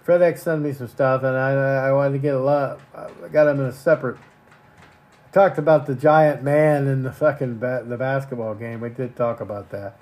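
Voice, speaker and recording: A man's voice: medium pitch, steady tone, normal speed, darkish tone. A man hosting a podcast in an angry, crude ranting monologue, cursing often and stumbling over repeated words. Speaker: podcast host.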